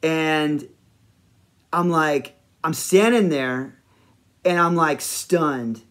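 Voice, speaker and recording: A man hosting a podcast, telling a personal story in a rambling, animated way with many fillers. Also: a little high, very slow. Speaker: podcast host.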